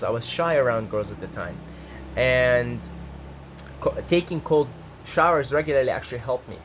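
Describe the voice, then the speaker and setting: Rambling, excitable young man vlogger. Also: moderate pace, noisy background. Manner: rambling, self-interrupting, lively pitch jumps when excited. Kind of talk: casual talk to camera.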